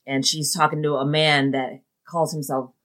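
A woman co-host chats casually on a podcast, giving blunt, wry reactions with some swearing. Her voice sits on the lower side. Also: little pitch movement, normal speed, fairly bright tone. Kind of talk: casual conversational chat.

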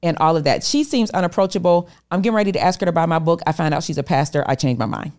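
Low-voiced woman telling a dramatic story. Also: rapid-fire. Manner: animated storyteller acting out quoted voices. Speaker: podcast guest. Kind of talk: storytelling interview talk.

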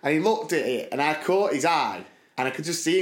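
A man co-hosting a podcast, telling a story in lively casual chat and mimicking his friends' voices. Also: a little high, a little fast, reverberant. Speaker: podcast co-host.

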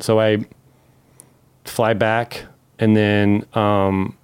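A man from Memphis telling a long story as a podcast guest, animated, acting out the quotes and swearing freely. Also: on the low side, drawn-out words, smooth. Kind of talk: casual storytelling.

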